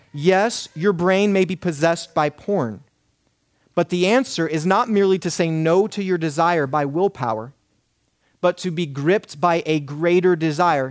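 Pastor type, man in his thirties, earnest emphatic sermon delivery, slightly high pitch, dry close sound. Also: dry recording. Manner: earnest, emphatic preaching with repeated lists.

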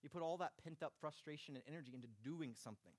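A man preaching a sermon, urgent and emphatic, his voice dropping soft and then rising again. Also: on the high side, racing, dry recording. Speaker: pastor.

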